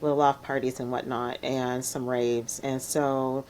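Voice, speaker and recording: A middle-aged woman from Chicago, a DJ guest telling her story in a soft-spoken, reflective way with frequent laughs. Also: rumbling low, level tone, measured pace, a little hiss or hum. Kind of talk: relaxed storytelling interview.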